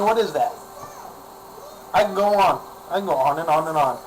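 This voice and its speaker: A man's voice: fairly high pitch, normal speed, pauses often, noisy background. Exasperated man ranting into a webcam. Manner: exasperated, sarcastic, repeats himself. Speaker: vlogger. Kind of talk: ranting vlog monologue.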